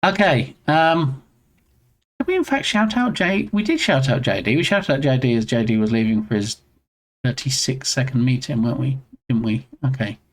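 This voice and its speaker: A man's voice: medium pitch, expressive, normal speed. A man hosting a game development live stream, chatting casually with his audience in a playful way and laughing often. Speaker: game dev livestream host.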